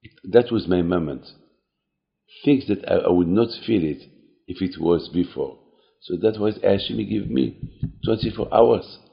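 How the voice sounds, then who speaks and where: A man with a very low, gravelly voice gives an earnest short sermon, circling back over his words and stumbling into restarts. The recording sounds dull and lo-fi. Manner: earnest, repeating phrases, halting restarts. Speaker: cantor and speaker. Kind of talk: short talk to a congregation.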